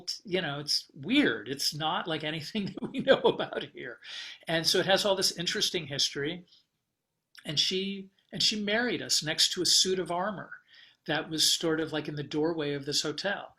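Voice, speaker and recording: A man with a fairly high, bright and forceful voice, speaking as a podcast guest. He tells a long personal travel story in a loose, animated way. He often restarts sentences and fills pauses with "uh" and "like.". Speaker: guest, travel writer and publisher. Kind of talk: casual storytelling interview.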